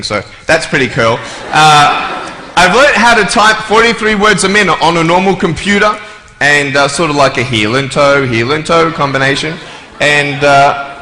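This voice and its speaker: Before a live audience in a big hall, a man delivers a humorous motivational talk in a slightly high, pushed, bright voice with a touch of hiss or hum. Playful jokes and imitated voices and noises fill his speech, which rings with long reverb and faint background ambience.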